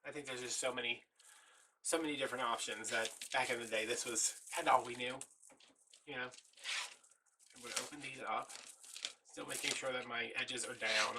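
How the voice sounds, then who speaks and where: A man's voice: medium pitch, far from the mic, background noise. A man, a little out of breath, chatting casually while walking through a craft step by step. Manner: chatty, folksy, talks while working. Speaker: craft tutorial host.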